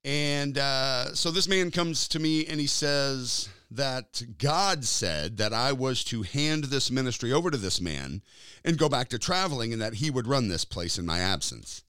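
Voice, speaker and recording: A man preaching in a conversational style, emphatic, drawing out key words and jumping up in pitch to stress them. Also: animated, a little slow, bright, forceful tone, clear, resonant tone, no room sound, studio quality. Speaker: pastor.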